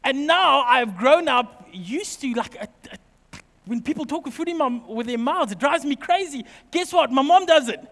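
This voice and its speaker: A man's voice: very high-pitched, normal speed. A man, a pastor giving a sermon full of personal stories, acting out family voices with jokey asides. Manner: animated, acts out family quotes, jokey asides. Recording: long reverb from a large hall.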